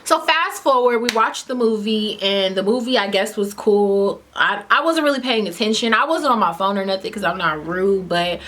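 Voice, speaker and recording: A woman's voice: medium pitch, moderate pace, hardly any pauses, slight background noise. A woman in her twenties telling a casual storytime in a chatty way, filling her talk with "like" as she retells a bad date. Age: 20s. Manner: chatty, many "like" fillers, lively retelling. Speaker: vlogger.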